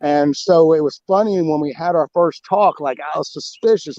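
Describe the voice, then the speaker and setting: A man talking about his book as a guest in a casual interview, rambling and animated, with many restarts and fillers. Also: a little high, moderate pace, few pauses, no room sound, lo-fi sound. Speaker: guest author.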